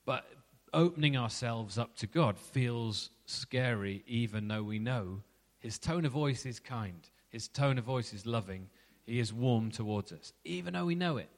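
Conversational preacher in a hall. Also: male voice, mid-range voice, expressive, measured pace. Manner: conversational, asks reflective questions. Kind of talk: sermon.

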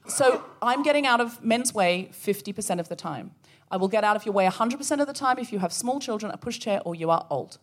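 A woman's voice: on the high side, brisk. A woman telling a story on stage at a live podcast show, acting out the voices in it. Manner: animated, acts out voices in stories.

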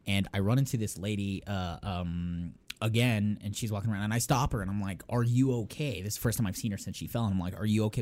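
A young man, a podcast co-host, telling a story in casual chat, animated and laughing as he acts out what people said. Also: lowish voice.

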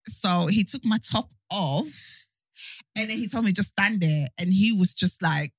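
A woman's voice: medium pitch, measured pace, slightly rough, no echo. A young woman, casually telling a long personal story to friends and acting out the quotes. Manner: animated, acts out quotes.

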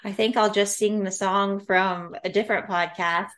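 Brief: woman co-host, casual podcast chat, quick asides. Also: mid-range voice, fairly even intonation, fairly bright tone.

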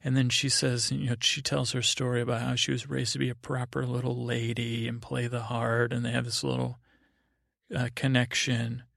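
A man hosting a sleep podcast, giving a meandering, low-key recap of a show. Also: little pitch movement, moderate pace, creaky, a bit bright, no echo, studio quality. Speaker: podcast host. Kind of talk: drowsy rambling recap for sleep.

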